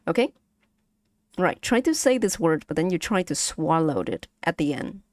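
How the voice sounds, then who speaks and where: Casual streamer, woman, patient lesson delivery, unhurried, dead dry close sound. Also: lowish voice, sing-song, a little mellow, dry recording. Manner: slow, patient, breaks into sung syllables and laughs. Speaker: streamer teaching Vietnamese.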